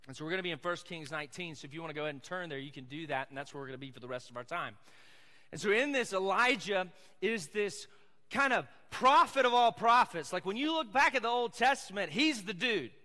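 A man's voice: high-pitched, expressive, fast talker, sharp tone, long reverb tail. A man with a Southern American accent preaching a sermon as pastor, casual and conversational with asides to the audience.

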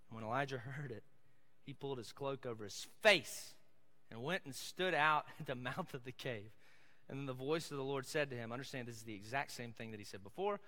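A man's voice: mid-range voice, expressive, normal speed. Emphatic male pastor in an echoey hall. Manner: emphatic, swinging from loud to hushed. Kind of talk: sermon. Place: church sanctuary.

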